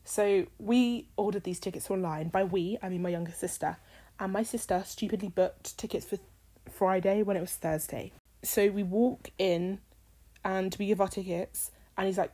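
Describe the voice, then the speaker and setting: A woman's voice: mid-range voice, a little fast, dark tone. A young British woman in her twenties hosting a casual solo podcast, rambling and swearing freely, a little tired with a drying voice. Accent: British English. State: tired, voice getting dry. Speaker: podcast host.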